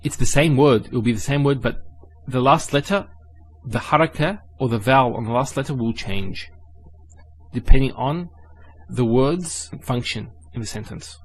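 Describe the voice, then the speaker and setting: A man giving a spoken Arabic lesson, patiently repeating each sound slowly and carefully. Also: medium pitch. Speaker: Arabic teacher.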